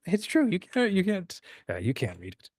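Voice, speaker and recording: A man's voice: sits high, huge pitch swings, normal speed. A man hosting a casual livestream about writing, reading out viewer comments and musing aloud with frequent ums and restarts. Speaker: host.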